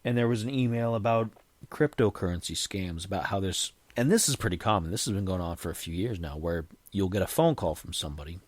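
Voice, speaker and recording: A man's voice: sits low, brisk, no room sound. A man hosting his own podcast, talking casually in a rambling way with frequent restarts. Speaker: podcast host. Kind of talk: casual solo podcast talk.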